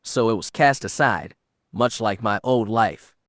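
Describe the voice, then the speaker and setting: A man's voice: on the low side, a little slow, a bit bright, dry recording, studio quality. A man voicing a haughty, bitter young female Sith apprentice with a refined, clipped manner in an audiobook reading.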